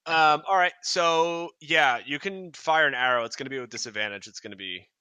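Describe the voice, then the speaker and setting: A man in the dungeon master's seat, talking through the scene in a loose, rambling way full of fillers and restarts. His voice is very bright and sits close and dry on the mic, with no room around it. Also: a little high, fairly quick, clean tone, no room sound, highs cut off. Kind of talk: narrating a tabletop game.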